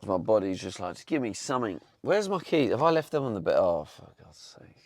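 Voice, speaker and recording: A man's voice: fairly low pitch, very animated, a little fast, no echo. A young man streaming live from his van, chatting casually and bantering with his viewers. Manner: chatty, swears, talks back to chat.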